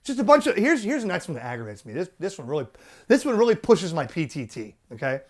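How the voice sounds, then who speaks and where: A man hosting a ham radio channel, ranting with exasperation and the odd curse. His pitch swings widely as he gets worked up. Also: fast. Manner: animated, profane, exasperated. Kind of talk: ranting commentary.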